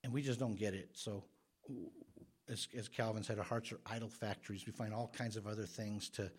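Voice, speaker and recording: A man preaching a sermon as pastor, earnest and emphatic, growing louder on the words he stresses. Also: fairly low pitch, steady tone, fairly quick, breathy edge.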